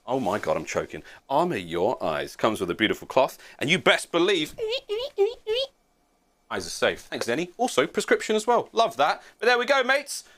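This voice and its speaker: Brief: male caster, animated and playful, swooping delivery, music bed under him. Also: mid-range voice. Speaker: esports caster. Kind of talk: live match commentary and ad reads.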